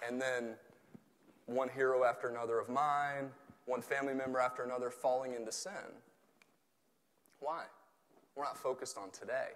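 Bright-voiced Southern preacher man. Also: medium pitch, moderate pace, pauses often, a little hiss or hum. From Tennessee. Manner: animated, joking, swells to near shouts. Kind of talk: sermon. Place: church. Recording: long hall reverb.

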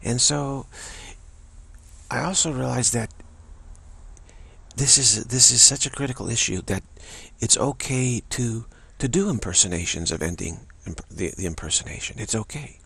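A man giving a reflective spiritual monologue as a teacher, speaking haltingly and often repeating words and restarting. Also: mid-range voice, gravelly, pushed and bright, husky.

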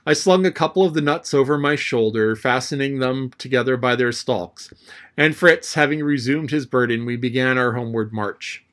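A man reading a classic adventure novel aloud as an audiobook narrator, telling the story in a lively way. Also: moderate pace. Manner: lively storytelling, raising his pitch for the boy's lines.

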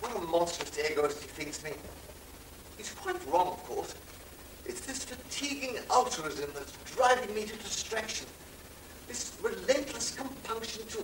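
A languid, vain wit, played by a man, drawling theatrically with a lively, high voice. He is heard from a distance in a roomy hall. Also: a little hiss or hum, exaggerated voice. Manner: languid, theatrical, self-mocking. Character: languid, witty, vain male aesthete. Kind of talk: stage monologue.

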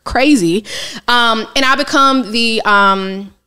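Brief: woman guest, higher voice, animated storyteller, slangy casual podcast chat. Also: slow, clean tone. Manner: lively, colloquial, animated retelling with quoted asides. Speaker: financial coach, guest. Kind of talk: candid casual interview storytelling.

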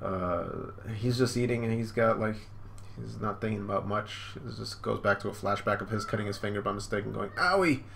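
A man talks through a manga chapter live, in a relaxed, rambling way with many fillers. His voice sits low, and a faint hum of noise runs underneath. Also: brisk, creaky. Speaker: streamer reacting to a manga. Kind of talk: live reaction, reading aloud. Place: home.

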